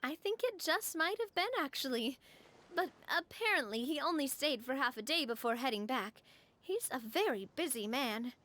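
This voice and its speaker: A woman's voice: high voice, animated, normal speed, pushed and bright. A woman playing a cheerful, outgoing young woman who talks in a breezy, encouraging way. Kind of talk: game dialogue voice acting. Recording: game cutscene with faint music.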